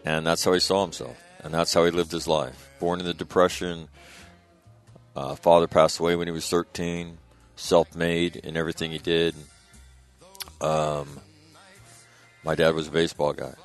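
Low-voiced middle-aged man telling stories. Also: flat delivery, normal speed, pauses often, soft background music. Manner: rambling, conversational, frequent fillers and restarts. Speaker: guest recalling his father. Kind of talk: casual spoken storytelling.

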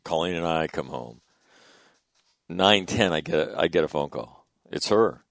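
A man's voice: low-pitched, measured pace, vocal fry, a bit bright, no room sound, clean studio sound. A middle-aged man, a radio host telling a rambling, chatty anecdote with wry asides. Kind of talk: casual on-air storytelling.

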